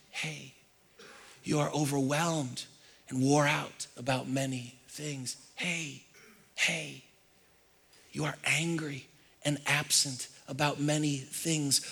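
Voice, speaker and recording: A man voicing Jesus as a gentle, tender figure speaking softly to a worried man, in hushed repetitions. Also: medium pitch, creaky, breathy edge, voice pushed down, heavily acted.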